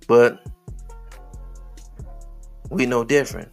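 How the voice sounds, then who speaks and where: A man's voice: medium pitch, big pitch swings, takes it slowly, long pauses, faint music behind. A man hosting a podcast in casual commentary, preachy and full of rhetorical questions, addressing listeners as beloved. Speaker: podcast host.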